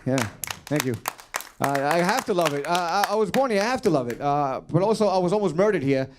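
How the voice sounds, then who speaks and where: A man's voice: a little high, expressive, brisk, crowd noise, noisy background. A man from New York City doing a rambling stand-up set, full of fillers and restarts. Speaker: stand-up comedian.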